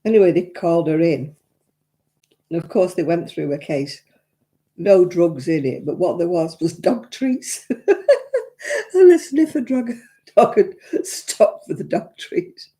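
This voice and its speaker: A woman's voice: on the low side, big pitch swings, measured pace, pauses often, dark tone. A woman hosting a casual craft live stream, telling stories in a chatty, self-mocking way and laughing between them.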